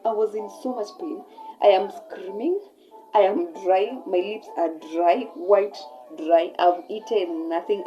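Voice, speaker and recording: A young woman with a Kenyan accent telling a personal story in a casual, animated way, switching between English and Swahili mid-sentence. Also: mid-range voice, muffled recording. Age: young adult. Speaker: vlogger.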